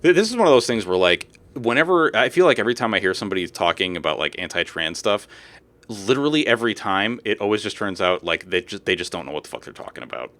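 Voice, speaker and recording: A man co-hosting a live stream, chatting casually and profanely with animated swings in tone. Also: on the low side, fast. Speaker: streamer co-host. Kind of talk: casual chat.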